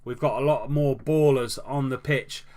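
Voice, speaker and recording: A man's voice: medium pitch, steady tone, normal speed, a little mellow. A man commentating on his football management game, calling the play like a match commentator and lifting his voice at goals.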